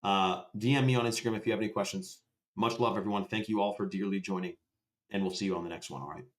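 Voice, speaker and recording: A man's voice: fairly low pitch, fairly even intonation, fast. A man hosting a casual livestream. He answers viewers by name, swears freely and keeps a loose, chatty tone. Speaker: livestream host.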